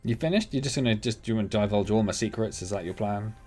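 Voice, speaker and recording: A man's voice: fairly low pitch, fast, darkish tone, faint music behind. A man streaming a video game, chatting and joking with viewers by name as he plays. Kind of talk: casual gameplay commentary.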